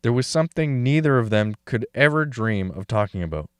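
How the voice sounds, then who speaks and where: An actor playing a calm man in an audio drama who speaks in a quiet, measured and thoughtful way. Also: medium pitch, smooth, no echo, clean studio sound, natural voice. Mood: reflective. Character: calm reflective man recalling his sister.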